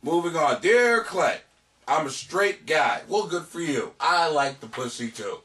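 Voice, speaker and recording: A man hosting a comedy podcast, reading listener letters and answering them in a loud, crude, animated way. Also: fairly high pitch, unhurried, distant mic. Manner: loud, crude, animated, laughing at his own jokes. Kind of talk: casual profane comedic advice. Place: home basement.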